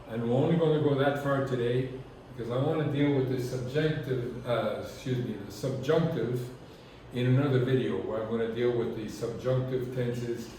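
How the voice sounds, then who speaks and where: A man teaches at an unhurried pace, pausing often to check that his listeners are following. His voice comes from some distance away and rings in a very reverberant room, with faint background ambience. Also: mid-range voice, warm tone, a little hiss or hum. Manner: slow, patient, checks in often. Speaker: Spanish teacher. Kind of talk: lesson. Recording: echoey room from far off.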